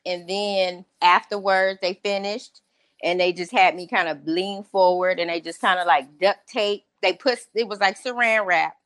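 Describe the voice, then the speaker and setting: A woman in her thirties as an interview guest, telling her story casually in an excitable, animated way and acting out what people said. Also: medium pitch, normal speed, no room sound. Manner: excitable, animated, acts out quotes.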